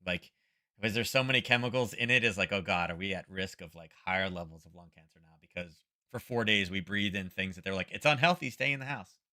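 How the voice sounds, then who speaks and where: A man with a low, somewhat fast voice and a sharp edge hosts a trading livestream, chatting loosely about the market and wandering off into wry asides. He's nursing a headache from wildfire smoke.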